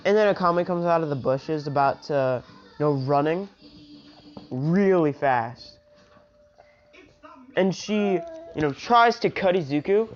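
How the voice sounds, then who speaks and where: A woman's voice: sits low, expressive, measured pace, long pauses, soft background music. A woman casually retelling a fan story, rambling with lots of filler asides. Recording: dull lo-fi home recording.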